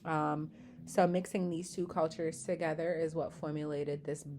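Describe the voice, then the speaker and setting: A young woman from the Boston area giving a casual class presentation, often pausing with "um" and demonstrating pronunciations aloud. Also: deep voice, level tone, darkish tone, slight background noise. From Boston area, USA. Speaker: student presenter.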